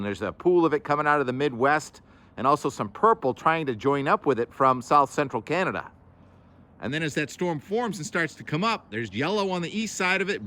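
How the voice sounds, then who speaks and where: A man with a bright, forceful, mid-range voice hosts a casual weather talk. He's chatty and rambling, correcting himself in asides as he goes.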